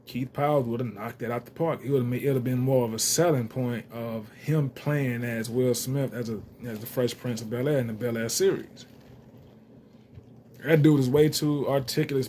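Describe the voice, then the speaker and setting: A man's voice: mid-range voice, a little mellow, slight background noise. Young man rambling casual commentary. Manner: rambling, loose slang, many fillers. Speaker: reality TV commentator.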